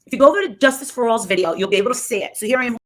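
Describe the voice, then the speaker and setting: A woman's voice: fairly high pitch, lively intonation, very fast. A woman on a live stream who rambles on scornfully and repeats herself, talking into a phone or webcam. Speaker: livestreamer. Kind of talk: rambling livestream gossip.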